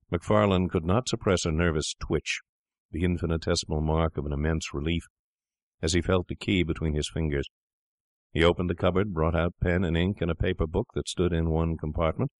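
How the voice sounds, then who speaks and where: A man narrating a classic tale in a measured, grave manner. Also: low voice, dry recording, studio quality.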